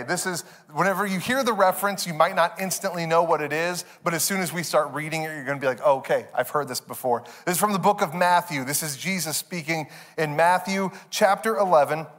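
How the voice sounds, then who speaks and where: Pastor, male, somewhat high voice, casual storytelling sermon, big church reverb. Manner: conversational storytelling, animated, asks congregation questions. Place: church sanctuary.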